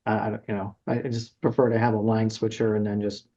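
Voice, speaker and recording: A man's voice: on the low side, little pitch movement, fast talker, dark tone, dull audio. A middle-aged man, a guitarist and music teacher, talking casually in an interview, rambling with many fillers and restarts. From Buffalo, New York area. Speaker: guest guitarist and music educator.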